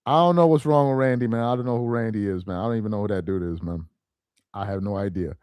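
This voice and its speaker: A man's voice: lowish voice, fast talker, a little mellow, clear, resonant tone, dry recording. A man hosting a casual sports talk live stream, reading chat aloud in a loose, slangy, rambling way, ending lines with "man" and "bro".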